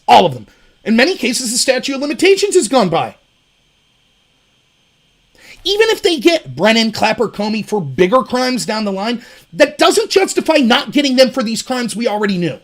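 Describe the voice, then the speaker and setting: Man, political commentary host, high voice, very lively, sarcastic. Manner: animated, sarcastic, mimics opponents mockingly.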